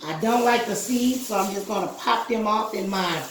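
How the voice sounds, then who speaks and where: A woman's voice: medium pitch, moderate pace, echoey room, a little hiss or hum. A woman hosting a cooking video, chatting casually and giving step-by-step instructions straight to the viewer.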